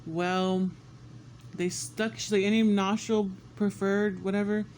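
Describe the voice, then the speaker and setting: A man vlogging a casual story about being sick, animated and swearing often, acting out what people said. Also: high voice, takes it slowly, slight background noise. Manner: animated, swears often, acts out quotes with squeals. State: congested and sick.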